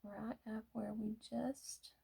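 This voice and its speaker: A middle-aged woman talking casually through her makeup routine, often dropping to a soft whisper. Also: a little high, level tone, takes it slowly, vocal fry, breathy edge. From United States. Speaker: beauty vlogger. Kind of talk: casual get-ready-with-me makeup talk.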